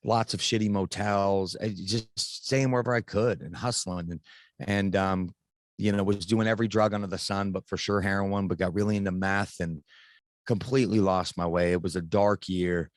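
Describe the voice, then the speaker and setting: Man, low voice, dry close sound, casual frank storytelling, podcast guest. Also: fairly even intonation, moderate pace, dry recording. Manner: casual, frank, swears freely. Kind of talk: candid personal storytelling.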